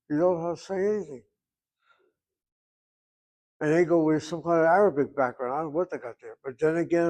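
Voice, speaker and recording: Older male teacher, slightly high voice, reasons aloud through a grammar point in class. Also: dark tone. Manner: thinks aloud, reasoning back and forth. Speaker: Hebrew teacher.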